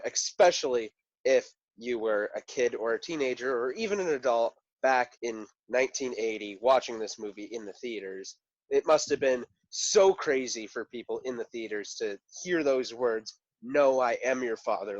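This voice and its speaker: A man's voice: medium pitch, no room sound. Man on a dull, lo-fi podcast mic. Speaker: podcast co-host. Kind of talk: casual movie discussion.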